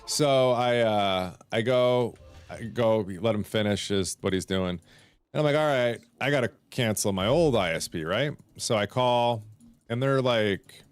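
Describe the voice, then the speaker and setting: A man's voice: mid-range voice, measured pace, clean tone, no echo. A man streaming casually, telling a long story and acting out both sides of his phone calls. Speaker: Twitch streamer.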